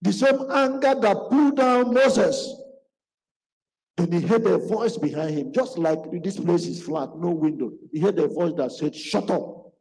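Male preacher, fairly high pitch, mellow tone, storytelling sermon, long hall reverb. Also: measured pace. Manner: acts out quoted speech in his stories.

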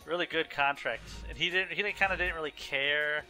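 A man's voice: on the high side, brisk, sharp tone. A young man casually chatting and joking while playing a video game as host. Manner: joking, chatty, laughs easily. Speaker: let's play host. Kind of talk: casual gameplay commentary. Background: faint game music.

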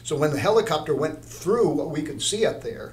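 A man's voice: fairly high pitch, animated, fairly quick, a little hiss or hum. An older man, an art teacher, telling a story in an interview, rambling, with many restarts.

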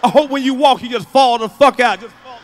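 A man doing stand-up comedy, telling profane, animated stories and acting out shouts. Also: very high voice, brisk, slight background noise. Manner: profane, loud, animated storytelling with acted-out shouts.

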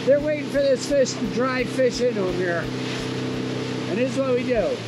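Out on the water in a small boat, this fishing video host, a man whose voice sits notably high, cheers and exclaims excitedly, then pauses to teach some fishing technique. He talks at a normal speed, and the background is noisy.

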